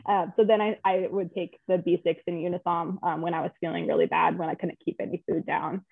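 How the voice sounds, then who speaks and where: A woman's voice: lowish voice, level tone, fairly quick, creaky, no echo. Woman telling a personal story, phone-line sound. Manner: chatty, emotional, lots of fillers. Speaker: guest. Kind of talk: personal story in a casual interview.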